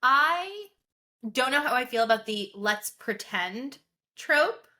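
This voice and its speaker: A woman co-hosting a podcast, talking casually and excitedly, often restarting her sentences. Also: high-pitched, slow pace. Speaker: podcast co-host. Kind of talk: casual chat.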